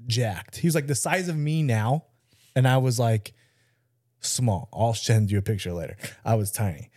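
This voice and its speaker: A man in his thirties, a podcast co-host, telling a story in casual chat, animated and swearing, acting out the voices of the people he quotes. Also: mid-range voice, normal speed, no room sound, studio quality.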